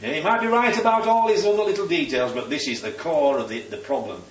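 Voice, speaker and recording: A man with a slightly high voice talks fast while leading a Bible study, teaching the group and quizzing them with questions. The recording sounds roomy, distant, and dull.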